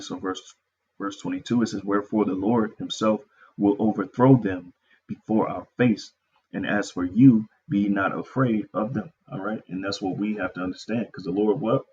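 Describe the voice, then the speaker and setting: Man preaching, low voice, dull lo-fi sound, reads verses slowly, casual asides. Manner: frequent "all right" and "okay" tags. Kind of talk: scripture teaching.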